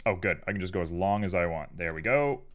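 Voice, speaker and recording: A man's voice: deep voice, quick pace. A man live-streaming his 3D art work, chatting casually and playfully with viewers while he works. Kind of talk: casual chat while working.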